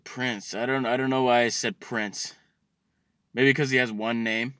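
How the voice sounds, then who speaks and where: A man ranting comedically, swearing constantly and stammering through restarts, swinging between loud outbursts and low mutters. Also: fairly even intonation, unhurried, clean tone, no room sound. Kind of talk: profane comedic rant.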